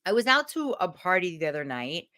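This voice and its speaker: A woman's voice: on the low side, fairly quick. A woman coach giving a candid, emotional motivational talk to camera, swearing freely. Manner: animated.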